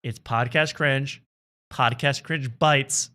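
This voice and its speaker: Male comedy podcast host, sarcastic and ranty, bright voice. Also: mid-range voice, fairly even intonation, takes it slowly. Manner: sarcastic, ranting. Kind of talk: casual comedy podcast chat.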